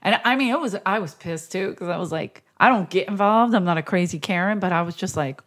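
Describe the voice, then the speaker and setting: A woman's voice: on the low side, fairly quick. A woman comedian with a Philadelphia accent, telling stories bluntly and with some profanity in casual podcast chat. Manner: animated storyteller, profane and blunt. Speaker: comedian guest.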